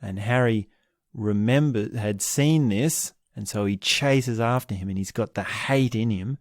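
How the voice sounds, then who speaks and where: A man hosting a podcast, giving a slow, reflective commentary on a book series, often pausing and restarting his sentences. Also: lowish voice, dry recording, studio quality. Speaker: podcast host.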